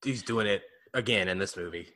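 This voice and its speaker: Podcast host, man, bright edge to the voice, blunt, laughs easily. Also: fairly low pitch, fairly quick. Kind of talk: casual chat.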